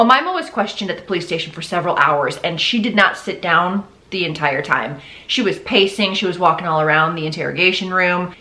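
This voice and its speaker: A woman's voice: on the low side, bright, forceful tone, reverberant. A woman hosting a podcast, telling a true-crime story in a casual, blunt and profane way, with incredulous asides. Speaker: podcast host.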